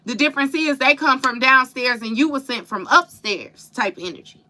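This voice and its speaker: A woman's voice: high-pitched, expressive, normal speed, pushed and bright, slight background noise. A woman giving a casual live tarot reading, slangy and profane, laughing often and calling the listener baby. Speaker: tarot reader.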